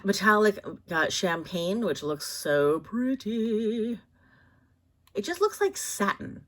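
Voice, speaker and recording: Woman, low voice, casual product vlog, chatty, rambling, lots of fillers. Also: fairly bright tone. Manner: chatty, rambling with many fillers and self-corrections. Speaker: vlogger reviewing bags.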